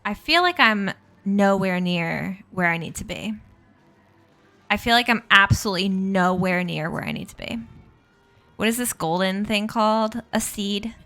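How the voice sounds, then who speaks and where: A woman's voice: mid-range voice, a little slow, a bit bright, faint music behind. A woman live-streaming a game, chatting casually with viewers, thanking and greeting them and laughing often.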